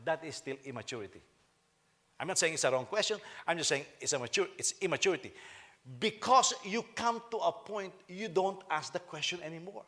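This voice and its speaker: Slightly high and a bit quick, this middle-aged man's voice carries an animated sermon he delivers as senior pastor. He jokes with the congregation, often circling back to repeat or restart what he's saying.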